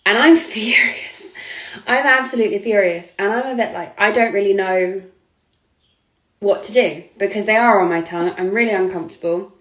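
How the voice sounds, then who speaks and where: A woman's voice: medium pitch, normal speed. A woman, a model giving an earnest, hesitant personal account. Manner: earnest, hesitant, with frequent ums and restarts. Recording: echoey room.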